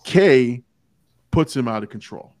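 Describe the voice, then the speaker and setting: Animated man chatting about a film. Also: mid-range voice, a little slow, no room sound, clean studio sound. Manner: animated, acts out movie quotes in a shifting voice. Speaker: podcast host. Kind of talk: casual movie discussion.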